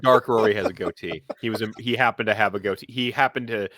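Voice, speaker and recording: A man serving as game master, describing scenes in a loose, rambling manner peppered with fillers. His voice sits a touch low yet sounds bright and forward. The recording is close and dry, with no room sound. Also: quick pace, dry recording. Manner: rambling, lots of fillers and restarts. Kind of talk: narrating a tabletop game.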